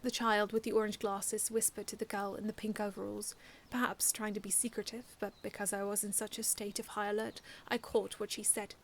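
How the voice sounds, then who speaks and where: A woman's voice: mid-range voice, a little fast, hardly any pauses, a little hiss or hum. Woman earnestly reading her own story. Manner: earnest, expressive reading with frequent restarts. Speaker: fan fiction author reading aloud. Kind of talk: first-person story reading.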